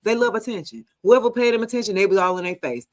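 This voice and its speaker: A woman's voice: medium pitch, quick pace. Woman doing tarot live, swears a lot and keeps laughing, says y'all, aave. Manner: casual, profane, laughing often, talks to viewers as y'all. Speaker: tarot reader.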